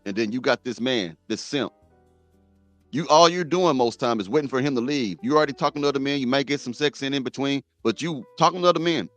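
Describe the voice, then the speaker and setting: A man's voice: mid-range voice, fast talker, dry recording, soft background music. Blunt preachy male commentary host. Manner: blunt, preachy, repeats himself for emphasis. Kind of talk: reaction commentary.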